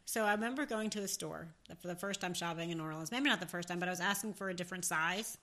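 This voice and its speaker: A woman's voice: fairly low pitch, quick pace. A woman with a mix of New Jersey and Southern accent, chatting casually as a podcast co-host and telling stories with frequent laughs. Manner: animated, laughs often, storytelling. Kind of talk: casual chat.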